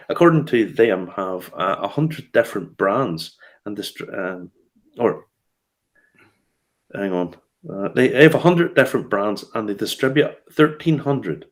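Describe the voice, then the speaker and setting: A man chats casually as the host of a whiskey show. His voice sits a little low, and he talks in a loose, storytelling way, full of fillers and quick restarts. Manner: chatty storyteller, laughs often, frequent fillers and restarts. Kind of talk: casual chat.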